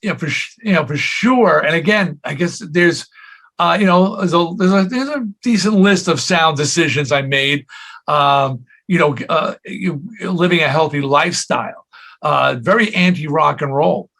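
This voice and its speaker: In a relaxed interview, a man in his sixties, a rock singer, animatedly spins stories and slips into the voices of the people he quotes. He speaks at a moderate pace in a fairly high voice with vocal fry.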